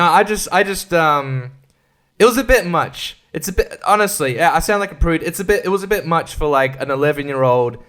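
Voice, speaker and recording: A man's voice: on the high side, fairly bright tone. A man hosting a casual solo podcast, rambling and crude, swearing and laughing often. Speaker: podcast host.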